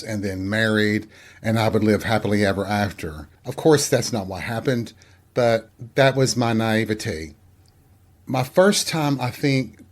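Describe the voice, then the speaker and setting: A middle-aged man hosting a show, frankly telling a personal story in a casual, candid and profane way. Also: lowish voice. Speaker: podcast host.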